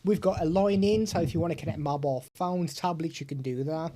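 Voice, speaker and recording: Chatty tech vlogger, mellow tone, desk mic. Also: male voice, a little high, fairly quick. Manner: chatty, hands-on explaining. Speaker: tech reviewer. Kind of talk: product demo vlog. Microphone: desktop USB/XLR microphone.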